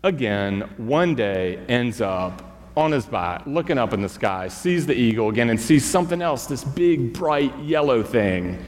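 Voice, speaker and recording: A man who is a school chaplain, telling a folk tale in a relaxed, conversational sermon with fillers and asides to the congregation. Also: mid-range voice, unhurried. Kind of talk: storytelling sermon. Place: church. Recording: church hall reverb.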